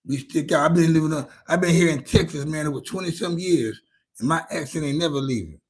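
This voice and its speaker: A man's voice: a little high, fairly quick, husky. A middle-aged man with a Louisiana accent, chatting casually with his stream audience in a laid-back, rambling, profane way. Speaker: livestream host answering chat. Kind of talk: casual chat.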